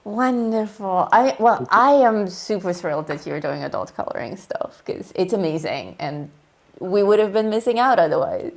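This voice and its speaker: A woman's voice: medium pitch, lively intonation. A woman hosting a casual art live stream, giggling and trading playful jokes. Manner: giggly, playful, quick with puns. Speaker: artist and show host.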